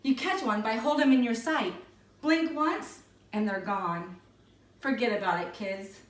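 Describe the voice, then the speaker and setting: A woman's voice: fairly high pitch, a little slow, natural voice. A woman reading aloud, voicing a very old aunt who warns the children that leprechauns are tricksters. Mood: warning. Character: very old aunt, sharp-tongued, wary of tricksters. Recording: echoey room, mic far off.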